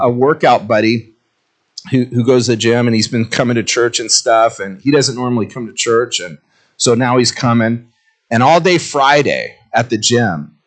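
A male pastor preaching a sermon in a conversational, self-mocking way, telling animated stories. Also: medium pitch.

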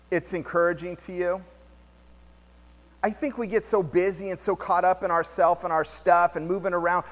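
A man delivers a casual, storytelling sermon, his voice pitched a little above the usual. He talks in loose, slangy phrases, and a long hall reverb trails behind his words. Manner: lively, slangy, storytelling preacher. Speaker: pastor. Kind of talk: conversational sermon. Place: church hall.

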